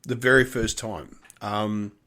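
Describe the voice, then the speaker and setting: A man, co-hosting a casual cocktail podcast, talking in halting bursts with restarts and some swearing. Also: on the low side, steady tone, a loud crowd. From Australia. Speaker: podcast co-host. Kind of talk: casual chat over cocktails.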